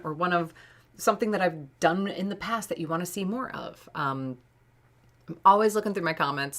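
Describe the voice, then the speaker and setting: A woman's voice: sits low, a bit bright. A woman in her late thirties chatting casually and rambling on a live art stream, laughing often. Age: late 30s. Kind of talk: casual live-stream chat while painting.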